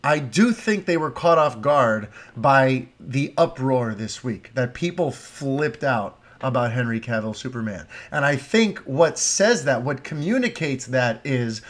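A man's voice: mid-range voice, lively intonation, a little slow, hardly any pauses. A young man hosting a solo podcast, talking passionately and rambling through tangents and listener questions. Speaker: podcast host.

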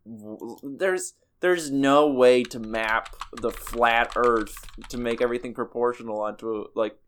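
A man's voice: mid-range voice, measured pace, fairly bright tone, slight background noise. A man in casual podcast chat, laid-back and rambling, often laughing.

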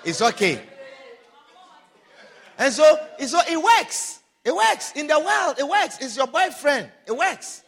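A man preaching a sermon, emphatic and repetitive, calling out hallelujah and rising to loud, animated passages. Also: very high-pitched, a little slow, some chatter behind.

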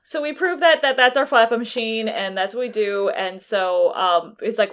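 A woman chatting casually, recapping a story game with quick, animated acted-out lines and frequent laughter. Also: medium pitch. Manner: animated, laughing, acts out characters in quick voices. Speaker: podcast co-host recapping a game. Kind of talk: casual chat.

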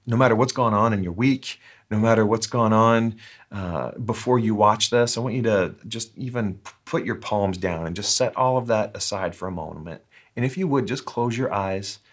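A pastor gives a heartfelt sermon, pausing and restarting as he searches for words. His voice sits a little low for a man. When he reads scripture, he slows down and lingers over each phrase. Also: breathy edge. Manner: earnest, halting with restarts, slows down for scripture reading.

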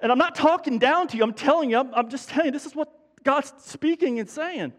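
In a reverberant church sanctuary, with a long hall echo, a man preaches as pastor in an extremely high-pitched voice that runs a little fast. He grows fervent and urgent in emphasis, often stumbling and restarting his words.

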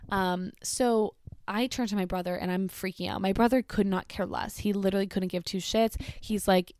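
A young woman casually telling a personal story, chatty and animated, filling her sentences with "like". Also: mid-range voice, normal speed, vocal fry, no echo, studio quality. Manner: chatty, heavy use of "like", animated retelling.

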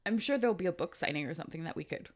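A woman hosting a casual podcast chat, lively and quick to laugh and swear. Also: lowish voice. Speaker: podcast host.

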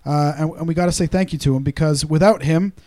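A man's voice: fairly high pitch, fast talker, mellow. A man from Canada co-hosting a podcast, chatting casually and joking with his co-hosts. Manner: joking, playful banter. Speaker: podcast co-host. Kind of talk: casual chat.

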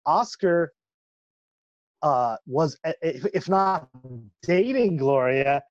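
Halting man on a muffled line. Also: a little high, lively intonation, no room sound. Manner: hesitant, halting with fillers. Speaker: podcast co-host. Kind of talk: casual chat.

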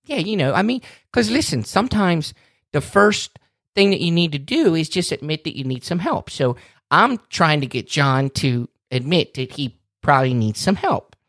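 A man's voice: a little high, moderate pace, no echo, studio quality. A man from Maryland with a Baltimore accent, co-hosting a casual chat and getting worked up as he jokes. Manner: animated, gets worked up, joking. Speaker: podcast co-host.

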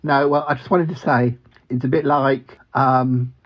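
A man's voice: medium pitch, steady tone, unhurried, highs cut off, lightly acted. A man voicing a bumbling, cheerful male talking duck who quacks between sentences and stammers. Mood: earnest. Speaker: regular comedy character.

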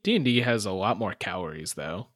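A man joking through casual podcast banter with deadpan asides. His pitch moves a lot and his tone is bright. The recording is dry. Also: brisk, husky, dry recording. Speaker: co-host player.

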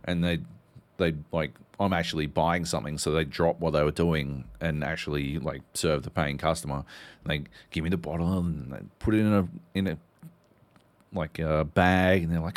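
A man co-hosting a podcast, telling stories in animated casual chat and swearing often. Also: extremely low pitch, normal speed. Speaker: podcast co-host.

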